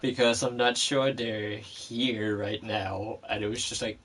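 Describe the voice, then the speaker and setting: Man vlogger, low voice, unhurried, rambling casual story full of fillers and cursing. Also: steady tone, a bit bright.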